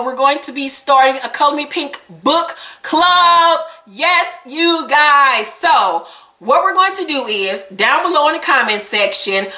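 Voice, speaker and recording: A woman vlogger recapping a reality episode in casual, profane, animated storytelling. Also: on the high side, reverberant. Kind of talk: casual chat.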